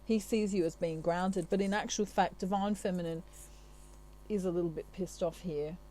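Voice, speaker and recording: Mellow-voiced woman giving a tarot reading. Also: fairly low pitch, fairly even intonation, normal speed, a little hiss or hum, rough recording. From Australia. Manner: chatty, reassuring, many asides. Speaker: tarot reader.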